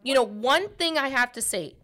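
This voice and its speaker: Bright-voiced emphatic woman, casual chat. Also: high voice, normal speed. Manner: emphatic, animated storytelling, frequent "like".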